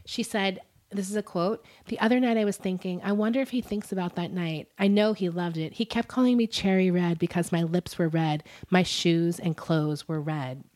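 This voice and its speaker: Chatting casually as a podcast co-host, a woman tells a story full of fillers like "um" and "like," giggling and interrupting herself with laughs and apologies. She has a lowish, slightly mellow voice with a steady tone, speaking at a moderate pace with hardly any pauses.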